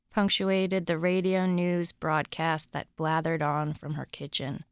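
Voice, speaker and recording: A woman reading her own short story aloud in a calm, measured, deadpan way. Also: deep voice, smooth, dry recording, studio quality. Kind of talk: literary reading.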